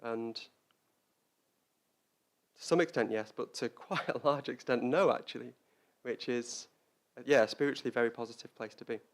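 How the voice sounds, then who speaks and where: A man of ordinary pitch giving a Buddhist Dharma talk. He speaks in a thoughtful, halting way, doubling back on words and phrases as he feels his way toward each point. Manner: reflective, halting, repeats words while searching for them. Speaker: Buddhist teacher.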